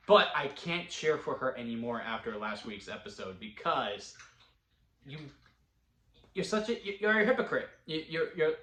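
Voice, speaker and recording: Guy rambling about a tv episode at home, bright voice that jumps all over, echoey room. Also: mid-range voice. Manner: animated, rambling, with frequent restarts and laughs. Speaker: TV episode reviewer. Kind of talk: casual recap and commentary. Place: at home with a dog.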